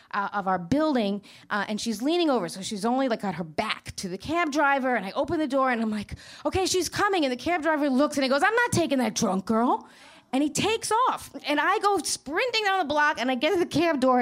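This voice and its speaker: A woman's voice: sits high, fairly bright tone. A middle-aged woman from Queens with a New York accent, telling a candid, profane story on stage, full of restarts. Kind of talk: live storytelling monologue.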